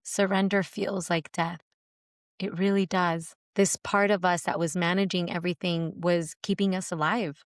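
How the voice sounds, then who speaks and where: A woman's voice: on the low side, dry recording, clean studio sound. A woman hosting a faith podcast, giving an earnest, reflective teaching that repeats phrases for emphasis and quotes scripture.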